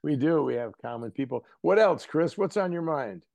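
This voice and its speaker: A man from the American Midwest, an actor and guest, telling anecdotes in a casual interview in an animated way. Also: a little high, normal speed, vocal fry, no echo. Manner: animated, anecdotal, drops into acted voices.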